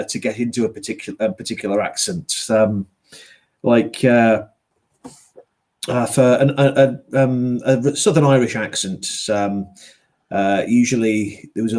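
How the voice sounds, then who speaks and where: A middle-aged man from Yorkshire who narrates audiobooks, chatting in a book-club conversation. He rambles, restarts his sentences and fills his pauses with ums, in a plain mid-range voice. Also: on the low side, darkish tone. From Yorkshire, England. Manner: rambling, many fillers and restarts.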